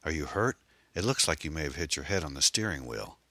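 A narrator doing a calm, kindly man. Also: a bass voice, fairly quick, no echo, exaggerated voice. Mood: reassuring. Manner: calm, reassuring.

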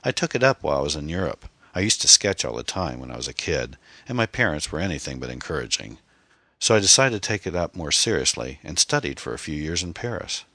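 A man's voice: extremely low pitch, very animated, fast talker, sharp tone, dry recording, exaggerated voice. A man doing a charming, secretive host. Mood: smooth. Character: charming, secretive man showing off his house.

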